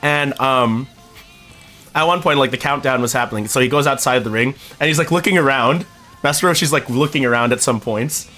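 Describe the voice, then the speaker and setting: A man streaming live, telling a rambling, excitable story and chatting with his viewers, his voice a little worn from a convention. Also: mid-range voice, a little fast, faint music behind. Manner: excitable, rambling storyteller who addresses chat. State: voice recovering from a convention. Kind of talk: casual live-stream chat.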